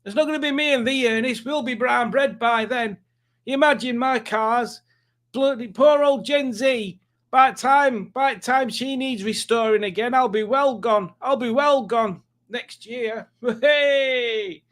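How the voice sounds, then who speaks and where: A man's voice: very high voice, a little slow, a bit bright, pitched above the performer's own voice. A man voicing a chatty, wistful old car enthusiast, rambling to an old friend.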